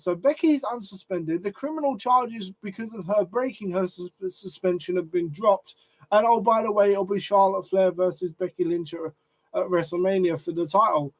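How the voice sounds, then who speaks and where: A man with a high-pitched voice, speaking at normal speed, hosts a wrestling commentary channel. He rants a sweary opinion about wrestling, getting flustered and repeating words when annoyed.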